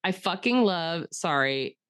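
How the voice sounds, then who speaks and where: A chatty woman with a fairly low voice co-hosts a casual podcast. She rambles, leaning on fillers, and turns emotional and enthusiastic as she talks. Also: lively intonation, measured pace, a bit bright, clean tone. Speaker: podcast co-host. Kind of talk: casual chat.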